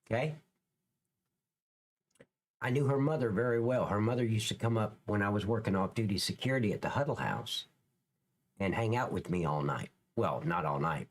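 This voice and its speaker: A man, a former police officer, giving blunt, profane commentary over clips in a casual livestream, dragging out words for emphasis. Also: on the low side.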